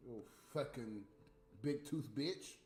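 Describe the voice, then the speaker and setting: A man's voice: mid-range voice, takes it slowly, darkish tone, roomy sound. A middle-aged man ranting on a livestream, blunt and exasperated, cursing freely. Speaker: livestream host. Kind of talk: profane off-the-cuff rant.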